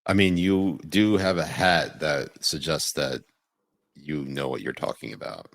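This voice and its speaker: Super deep gravelly guy, joking podcast banter, keeps restarting sentences. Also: measured pace, fairly bright tone, dry recording, clean studio sound. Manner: joking, loose, trails off and restarts. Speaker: podcast co-host. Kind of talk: casual comedic banter.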